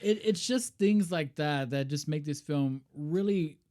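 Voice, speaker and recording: A man with a fairly high voice co-hosts a podcast in a loose, casual chat. He trades jokes and teases his co-host. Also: measured pace, a little mellow. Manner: jokey, teasing banter.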